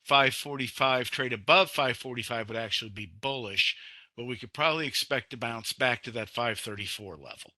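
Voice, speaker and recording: A man giving market commentary in a webinar, walking through price charts step by step in a measured way. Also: medium pitch, bright, forceful tone, no echo. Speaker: market analyst.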